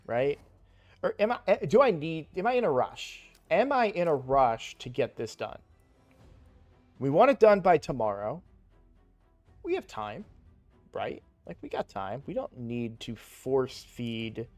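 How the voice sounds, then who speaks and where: A man's voice: mid-range voice, a little mellow. Rambling young man telling a story. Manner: rambling, many fillers and restarts. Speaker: gaming streamer. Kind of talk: casual storytelling while gaming.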